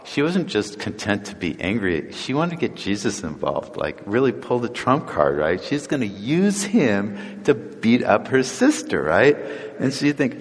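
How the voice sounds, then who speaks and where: A man's voice: on the low side, big pitch swings, unhurried, big-room sound. A man preaching a casual, conversational sermon, often chuckling and acting out the voices of people in the stories.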